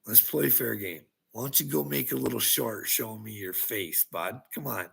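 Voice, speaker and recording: Gravelly, mocking man ranting at critics. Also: on the low side, moderate pace, fairly bright tone. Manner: taunting and mocking, laughing often; profane. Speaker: online video creator.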